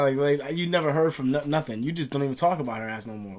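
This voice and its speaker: Rapid-fire and hardly pausing, a young male vlogger with a slightly high voice tells the camera a personal story. It's a casual telling, peppered with slang, curse words and plenty of fillers.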